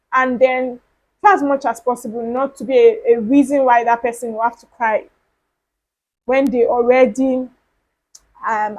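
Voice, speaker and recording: A woman's voice: a little high, a little mellow, rough recording. Chatty woman hosting a solo podcast. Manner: chatty, earnest, repeats points for emphasis. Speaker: podcast host. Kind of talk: casual solo podcast talk.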